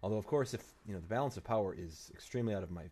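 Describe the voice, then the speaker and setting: Low-voiced man thinking aloud. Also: expressive, racing, mellow. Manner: thinks aloud, muttering to himself and the game. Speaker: let's play host. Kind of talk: strategy game commentary.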